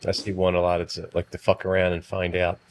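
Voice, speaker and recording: A man's voice: deep voice, fast talker. A man in his fifties co-hosting a podcast, telling teasing stories in a casual chat. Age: 50s. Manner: animated storyteller, teasing. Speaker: podcast co-host.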